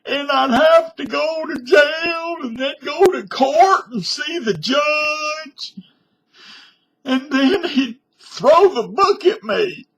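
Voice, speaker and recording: A man voicing a timid, whiny male rule-follower scared of getting in trouble, in a high whimpering falsetto close to tears, for a comedy skit recorded on a webcam. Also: takes it slowly, slight background noise, low-quality recording. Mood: wailing. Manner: high wailing, whimpering falsetto, nearly crying. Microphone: webcam microphone.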